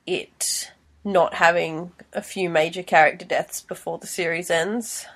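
A woman's voice: on the low side, fairly even intonation, a little slow, a bit bright. A woman co-hosting a podcast, analyzing a TV show in casual chat and thinking aloud. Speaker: podcast co-host.

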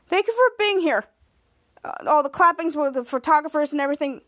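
A woman doing male vice mayor, pompous, speech-giving, high voice. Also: expressive, brisk, a bit bright. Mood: announcing. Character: self-important male city official.

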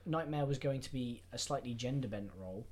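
A man with a mid-range voice co-hosts a casual chat. He is relaxed and reads notes aloud as he goes, filling gaps with ums and uhs. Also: mid-range voice, a little fast. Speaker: podcast co-host.

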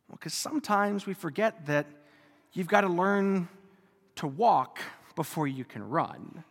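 A man's voice: sits high, animated, normal speed, vocal fry, a bit bright. A man preaching a homily at Mass as a priest, conversational with joking asides. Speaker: Catholic priest. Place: church. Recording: long church reverb.

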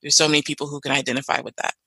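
A podcast host speaking earnestly and expressively, who becomes animated when telling stories. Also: medium pitch, racing, breathy edge, no echo, low-quality recording. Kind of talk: conversational interview.

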